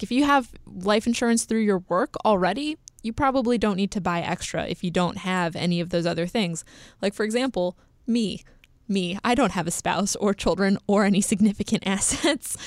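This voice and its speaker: A young woman co-hosts a podcast in a relaxed, chatty way, filling her talk with ums and little laughs. Her pitch sits in the middle for a woman, and the sound is close and dry with no room echo. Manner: chatty, many fillers and laughs. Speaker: podcast co-host. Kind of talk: casual chat.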